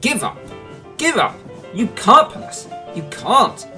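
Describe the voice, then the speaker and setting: A man voicing a group of spiteful railway trucks who jeer in a shrill way. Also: big pitch swings, slow pace, pushed and bright, soft background music, full character voice. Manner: shrill and jeering.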